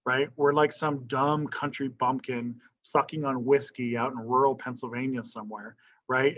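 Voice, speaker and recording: A man's voice: mid-range voice, dull audio. A male history teacher lecturing a class in a casual, conversational way, often checking in with "right?" and asking questions.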